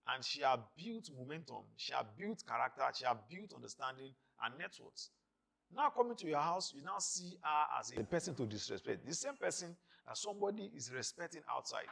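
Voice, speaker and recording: A man, a pastor preaching a sermon on marriage in an emphatic, repetitive style with rising and falling loudness. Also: mid-range voice, vocal fry.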